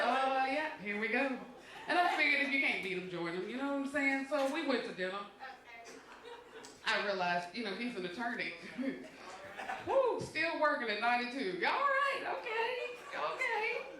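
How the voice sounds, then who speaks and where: A woman's voice: a little high, lively intonation, normal speed, pushed and bright. A middle-aged woman doing a stand-up set, telling stories in a brassy, sassy way and acting out the voices of the people in them. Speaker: stand-up comedian. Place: comedy club stage. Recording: roomy club echo from a distant mic with crowd. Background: audience laughter.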